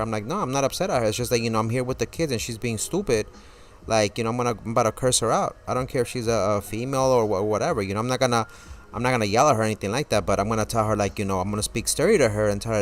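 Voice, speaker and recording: A man telling a story casually on a live stream, swearing often and stammering through restarts, his voice jumping high and loud when he reenacts his outrage. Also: quick pace. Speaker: gaming streamer.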